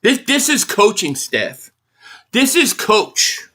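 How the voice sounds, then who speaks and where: Reacting live to a football game, a furious stream host curses bluntly and loops back to one complaint as he reads messages from viewers. He takes it slowly, his bright, forceful voice swinging hugely in pitch between lines.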